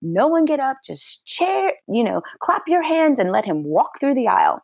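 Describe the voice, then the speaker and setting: A middle-aged actress telling a personal story in an interview, animated and acting out what people said in a high, excited voice. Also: female voice, moderate pace, creaky, no room sound, studio quality. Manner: lively storyteller who acts out quotes in a high excited voice.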